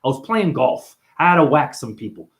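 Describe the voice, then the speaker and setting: A man's voice: mid-range voice, sing-song, close to an everyday voice. A man doing a dopey, dim-witted tough guy. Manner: slow, dopey drawl.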